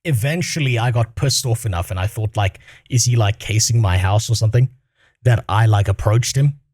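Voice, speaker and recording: A man's voice: lowish voice, moderate pace, a little mellow, dry recording, clean studio sound. A man streaming his reaction to a clip, in casual, crude, rambling talk that keeps breaking into laughter.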